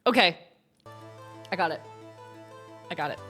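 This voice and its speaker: A woman's voice: on the low side, animated, a little slow, over music. Giggly young woman streamer. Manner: giggly, chatty with chat. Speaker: gaming streamer. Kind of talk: casual game commentary.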